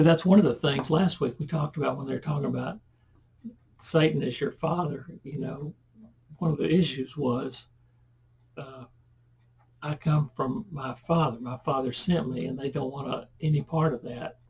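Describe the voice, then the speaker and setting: A man with a fairly high voice that is deeply husky and breathy, with gravel running underneath. He teaches a Bible passage verse by verse. He reads the verses out more loudly, then drops into relaxed conversational asides. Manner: conversational, loud when reading scripture aloud, asides and self-corrections.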